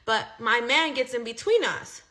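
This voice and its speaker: Bright-voiced young woman telling a story. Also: fairly high pitch, expressive, moderate pace. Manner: chatty, profane, heavy use of "like". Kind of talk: casual storytime monologue.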